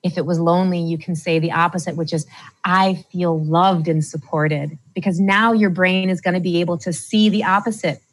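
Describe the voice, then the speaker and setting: Calm low-voiced woman coaching emotional release. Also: fast, few pauses, poor audio. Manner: calm, instructive, speaks directly to listener. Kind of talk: guided emotional-release talk.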